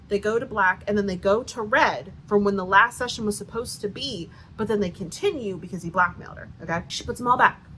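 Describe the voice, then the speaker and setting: Bright-voiced woman ranting sarcastically. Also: medium pitch, slight background noise, poor audio. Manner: profane, sarcastic, heavy filler use. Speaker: book reviewer. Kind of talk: casual rant review.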